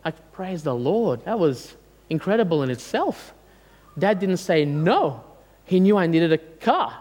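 Animated storyteller in his forties; bright high voice in a reverberant hall. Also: measured pace. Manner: animated, self-mocking, many fillers. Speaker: speaker addressing an audience. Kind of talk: storytelling talk.

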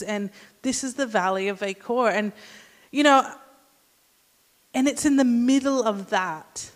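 Woman preaching in a reverberant hall. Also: mid-range voice. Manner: casual, asks the congregation questions. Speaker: church speaker. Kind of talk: conversational sermon.

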